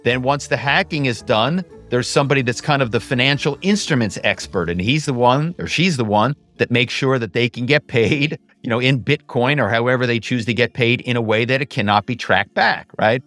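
A middle-aged man, a guest in an interview, telling stories about his work in a lively conversational way with frequent "you know" asides. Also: mid-range voice, fairly quick, few pauses, dry recording, soft background music. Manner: animated storyteller, many "you know" asides. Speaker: guest, former actor and corporate spy.

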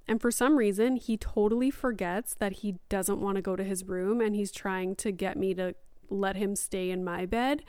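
A woman's voice: mid-range voice, normal speed, darkish tone, smooth, no echo, clean studio sound. A young woman and mother casually telling a parenting story on a podcast in a chatty, upbeat way. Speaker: podcast host sharing parenting experience. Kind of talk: casual chat.

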